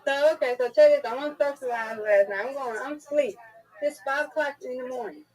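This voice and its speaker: A woman on a video call chatting casually and telling a story in a lively, colloquial way. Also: high voice, brisk, low-quality recording. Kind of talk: casual chat.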